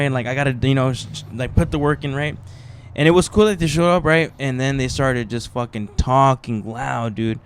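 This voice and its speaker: A man's voice: mid-range voice, slight background noise. A young adult man, a stand-up comedian hosting a podcast, tells stories in casual chat with lots of swearing and acted-out voices. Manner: swearing, animated, acts out voices in quotes.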